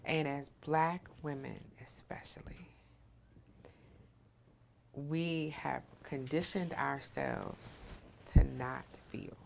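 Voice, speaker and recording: A middle-aged woman interviewing a guest in a low, gravelly voice. She is affirming and emphatic, and she often checks in with a quick "right?". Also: fairly even intonation, darkish tone, a little hiss or hum. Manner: affirming, emphatic, frequent "right?" tag questions. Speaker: interviewer and host. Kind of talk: supportive conversational interview.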